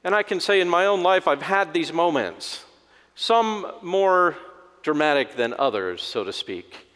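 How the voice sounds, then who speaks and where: A man's voice: on the high side, lively intonation, measured pace, a bit bright. A man preaching a conversational sermon as a pastor, folksy and humorous, acting out voices in his story. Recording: long hall reverb.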